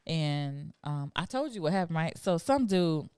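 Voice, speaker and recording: Easygoing podcast co-host, mid-pitched, casual, dry close-mic sound. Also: very animated, a little slow, darkish tone, clear, resonant tone, dry recording. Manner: laid-back, chuckling, short replies. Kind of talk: casual chat.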